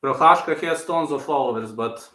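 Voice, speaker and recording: At a normal pace, a channel host with a bright, forward, slightly high voice chats with live-stream viewers and circles back over his points. Noticeable echo fills the room.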